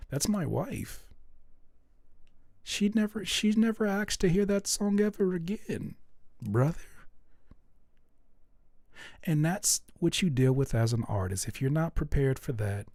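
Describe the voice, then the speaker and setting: A man's voice: on the high side, no echo, studio quality. A man hosting a live music feedback stream, speaking bluntly and candidly, swearing freely and acting out little scenes. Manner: animated, acts out little scenes. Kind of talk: livestream song review commentary.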